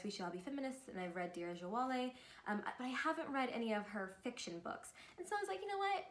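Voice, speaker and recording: A young woman vlogging about books in a chatty, upbeat way, with fillers. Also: medium pitch. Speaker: book vlogger. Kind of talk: casual chat to camera.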